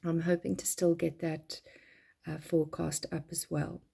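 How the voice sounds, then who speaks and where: A woman with a croaky voice from being unwell, giving a casual weekly tarot reading in a gentle, unhurried way. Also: low-pitched, flat delivery. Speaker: tarot reader.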